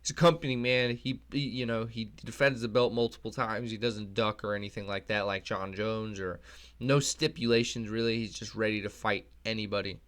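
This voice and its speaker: Speaking a little fast in a fairly low, steady, slightly bright voice, a young man hosts his channel with rambling, casual commentary full of profanity and frequent restarts.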